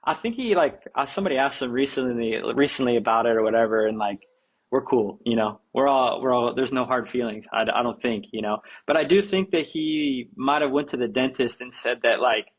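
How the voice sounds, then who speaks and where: A man's voice: medium pitch, a little fast, slightly rough. A young man, a guest, telling a story in a laid-back way, saying dude and like constantly. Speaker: guest skateboarder. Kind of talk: casual storytelling.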